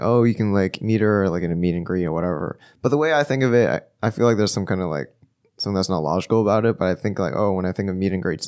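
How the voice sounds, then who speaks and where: A man as a podcast guest, with a low, deep voice. He talks hesitantly, restarting his sentences and leaning on fillers. The talk is casual and personal. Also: darkish tone. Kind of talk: casual conversation. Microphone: podcast microphone.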